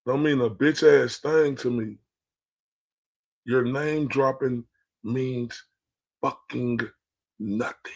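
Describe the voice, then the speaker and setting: Gravelly man ranting on stream. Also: medium pitch, takes it slowly, pauses often, darkish tone. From Texas. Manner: profane, confrontational, taunting. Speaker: streamer reacting to clips. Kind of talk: heated reaction livestream rant.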